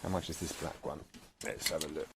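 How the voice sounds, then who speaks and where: Brisk and gravelly, this bass-voiced man narrates a casual travel vlog to his handheld camera amid loud street noise from a video clip. Chatty and wry, he walks through town streets and later sits in a bar.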